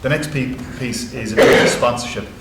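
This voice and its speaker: A man's voice: mid-range voice, fairly quick. An Irish man speaking on a conference panel as a rugby club executive, talking earnestly with many fillers and restarts. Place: university conference hall. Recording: echoey hall with background noise.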